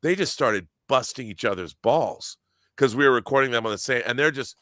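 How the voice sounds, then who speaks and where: Excitable geeky man telling stories. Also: mid-range voice, brisk, dry recording, clean studio sound. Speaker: guest, audio drama producer. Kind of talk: casual podcast chat.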